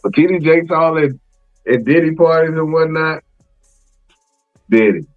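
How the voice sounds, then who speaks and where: A man hosting a podcast in casual chat, animated and slangy, exclaiming and laughing often. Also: on the high side, unhurried, phone-quality sound, soft background music. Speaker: podcast host.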